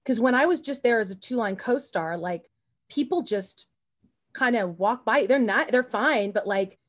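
A woman guest on an interview podcast, telling stories in an animated, rambling way with many asides and restarts. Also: on the high side, moderate pace. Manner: often says "you know what I mean". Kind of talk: casual interview storytelling.

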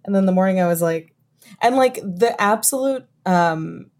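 A woman's voice: medium pitch, normal speed, a little mellow. A woman co-hosting a podcast, telling a story with wry humor in casual chat. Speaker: podcast co-host.

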